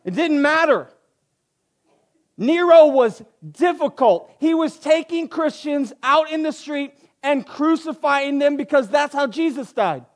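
A man with a high voice preaches to his congregation in a church sanctuary. He moves from hushed prayer into building, passionate teaching. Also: expressive, measured pace. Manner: prays softly, then preaches with rising intensity. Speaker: pastor. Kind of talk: sermon.

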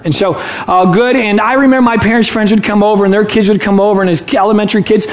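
A pastor from Michigan preaches a sermon in a church sanctuary, playful and chatty as he teases the congregation. His voice sits high and sounds reverberant.

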